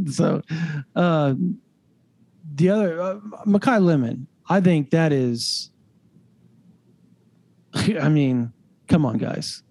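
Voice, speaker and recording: A young man co-hosting a casual sports podcast, rambling with lots of fillers and getting animated when excited. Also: mid-range voice, creaky, no room sound. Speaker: recruiting analyst co-host.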